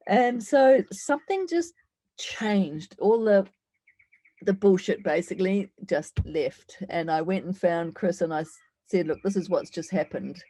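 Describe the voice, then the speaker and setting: Candid woman in her sixties, mellow voice. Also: on the low side, animated, measured pace, no echo. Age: 60s. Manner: candid, reflective storytelling with frequent fillers. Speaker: summit speaker. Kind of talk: personal life story talk.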